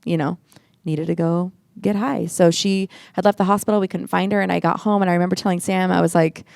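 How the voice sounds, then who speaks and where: A woman's voice: fairly low pitch, steady tone, brisk, gravelly, darkish tone, no echo, studio quality. A woman guest on a church podcast telling her personal story with earnestness, near tears at times. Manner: earnest, emotional storytelling, acts out quoted voices. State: tearful at times. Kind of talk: personal testimony in casual chat.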